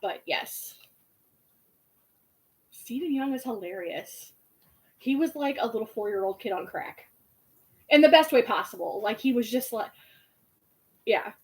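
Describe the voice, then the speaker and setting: Young woman in her twenties, chatty storyteller, relaxed fillers, a bit high-pitched. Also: measured pace, pauses often, low-quality recording. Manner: animated storytelling with lots of fillers and asides. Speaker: guest telling a story. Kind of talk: casual chat.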